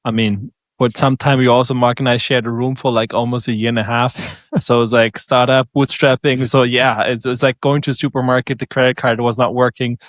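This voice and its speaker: A male podcast co-host who drops in short, joking asides during a relaxed chat. His pitch is average for a man. The recording is close and dry. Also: no echo. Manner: joking, chiming in with quick asides. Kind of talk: casual podcast conversation.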